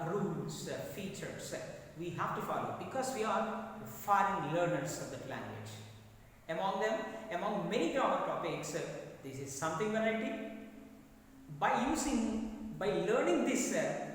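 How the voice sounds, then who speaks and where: A man with a Telugu accent, a native Telugu speaker, teaching an English class in a slow, deliberate lecture style and repeating key words for his students. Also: high voice, recorded from a distance, a little hiss or hum. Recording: echoey hall recorded from afar.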